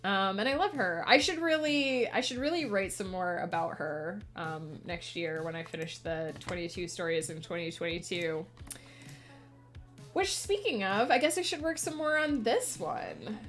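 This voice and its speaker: A woman's voice: mid-range voice, expressive, moderate pace, fairly bright tone, faint music behind. A woman streamer chatting casually while she writes, rambling and laughing often.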